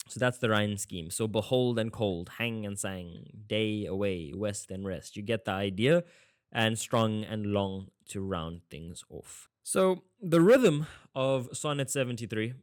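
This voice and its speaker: A man's voice: medium pitch, no echo, studio quality. A man teaching an exam-prep poetry lesson in a casual, jokey way, often veering off on tangents. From South Africa. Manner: chatty, jokey, prone to tangents. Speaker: online tutor.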